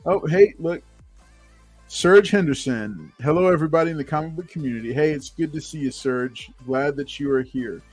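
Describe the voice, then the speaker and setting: A man's voice: a little high, normal speed, darkish tone, faint music behind. A man hosting a casual livestream talk show, upbeat and chatty, greeting viewers from the chat. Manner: upbeat, reads chat names aloud, many fillers.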